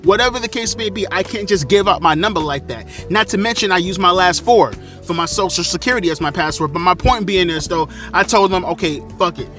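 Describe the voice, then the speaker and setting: A man from South Florida telling a story in a casual rant, profane and animated, working himself up as he goes. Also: sits high, a little fast, few pauses, soft background music. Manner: profane, heated, animated retelling. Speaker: storyteller vlogger.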